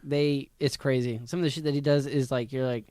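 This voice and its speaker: Animated, swearing male podcast co-host. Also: mid-range voice, fairly quick, dry recording. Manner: animated storyteller who acts out scenes and swears freely. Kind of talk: casual comic book chat.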